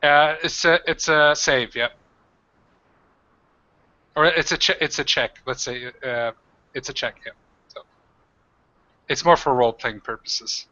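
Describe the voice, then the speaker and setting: A man's voice: fairly high pitch, fairly even intonation, measured pace, pauses often, pushed and bright, muffled recording. A man narrating as game master of a tabletop game, in a rambling way with many fillers.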